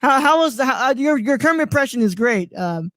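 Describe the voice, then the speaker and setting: A man's voice: extremely high pitch, lively intonation, fairly quick, a crowd in the background. A man hosting a live online show, rambling and stalling with lots of restarts, on a close microphone. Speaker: host. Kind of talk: casual live-stream chat.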